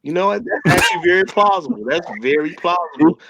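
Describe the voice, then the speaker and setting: A man co-hosting a casual podcast chat, talking bluntly in animated slang. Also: high-pitched, fast, a little hiss or hum, poor audio.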